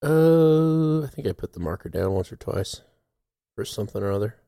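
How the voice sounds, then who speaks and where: A man's voice: on the low side, lively intonation, moderate pace, dark tone, no echo, clean studio sound. A man hosting a podcast in casual chat, often laughing between his remarks. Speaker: podcast host.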